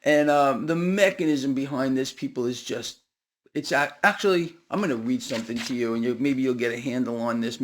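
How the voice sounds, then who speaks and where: Hosting a video of market commentary, a man with a medium-pitched voice addresses his viewers head-on. His delivery is relaxed, lively, and sarcastic.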